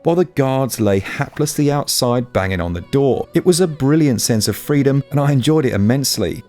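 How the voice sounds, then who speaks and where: A man's voice: medium pitch, darkish tone. A man in his thirties narrating a scripted game review with enthusiasm and wry asides.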